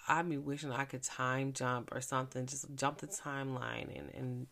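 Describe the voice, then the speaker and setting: A woman with a very deep, gravelly voice hosts a devotional podcast in an easy, conversational way. She is from Philadelphia and sounds earnest. She drops to a soft hush when she turns to prayer. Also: little pitch movement, moderate pace. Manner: chatty and earnest, with soft hushed stretches during prayer. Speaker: faith podcast host and minister. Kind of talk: casual devotional podcast talk.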